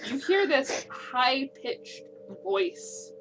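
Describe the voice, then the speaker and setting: Slow-paced woman game master. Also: sits high, very animated, a bit bright, soft background music. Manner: descriptive, laughs with players. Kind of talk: narrating a tabletop game.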